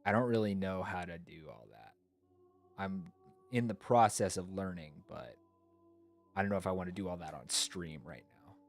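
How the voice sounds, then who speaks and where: A man's voice: sits low, expressive, normal speed, creaky, faint music behind. A man streamer chatting casually and rambling, thinking aloud with fillers, sleepy. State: yawning, sleepy. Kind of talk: casual chat.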